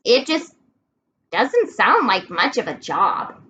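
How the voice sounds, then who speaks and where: A woman's voice: fairly high pitch, wildly swooping pitch, slow, bright, forceful tone, lo-fi sound, a little hiss or hum, heavily acted. Woman doing an earnest young schoolboy. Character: plain-spoken young schoolboy. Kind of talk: storybook read-aloud.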